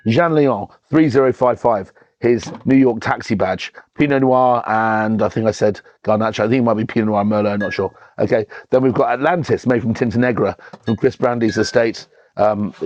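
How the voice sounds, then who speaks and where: A man's voice: mid-range voice, darkish tone, dry recording, dull audio. Chatty man tasting wine. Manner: chatty and enthusiastic, with frequent ums and restarts. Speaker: wine reviewer and show host. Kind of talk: casual wine tasting chat.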